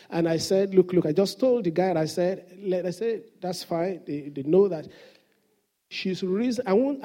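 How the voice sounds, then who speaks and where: Male pastor, sermon delivery; high-pitched, warm and mellow tone, earnest storyteller who stumbles and restarts. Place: church service.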